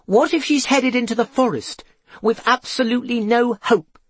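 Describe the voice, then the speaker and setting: A man's voice: very high-pitched, normal speed, slightly rough, dry recording, pitched above the performer's own voice. A man voicing a timid, short-legged little man who frets nervously. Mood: fearful. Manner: nervous, fretful.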